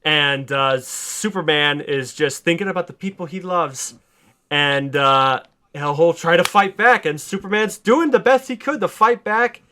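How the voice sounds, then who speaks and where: A man hosting a podcast, excitedly retelling a story pitch in casual, swearing chat. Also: measured pace, slight background noise. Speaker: podcast host.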